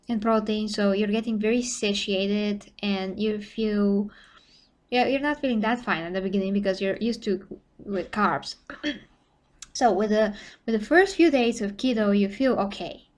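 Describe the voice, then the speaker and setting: A young woman from Bulgaria with a Bulgarian accent, chatting casually with viewers on a live stream, rambling and full of "you know" fillers, her voice getting tired from long talking. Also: mid-range voice.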